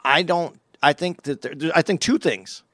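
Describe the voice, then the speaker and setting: A man co-hosting a podcast, talking in a measured way and weighing both sides of the argument. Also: fairly high pitch, pushed and bright, no room sound, studio quality. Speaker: podcast co-host. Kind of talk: podcast discussion.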